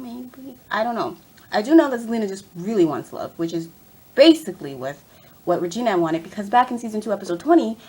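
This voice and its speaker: A woman's voice: medium pitch, darkish tone, slightly rough. A woman ranting casually about a TV episode, rambling and exasperated, with lots of fillers. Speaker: TV fan reviewer.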